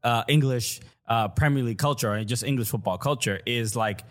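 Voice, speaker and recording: A man's voice: mid-range voice, fairly quick. A man co-hosting a football podcast, chatting casually and laughing often. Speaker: podcast co-host. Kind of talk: casual chat.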